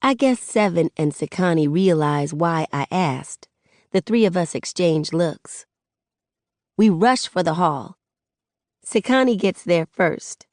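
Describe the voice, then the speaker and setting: A woman narrating an audiobook in the first person, with relaxed, conversational storytelling. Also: lowish voice, slow pace, no room sound, clean studio sound.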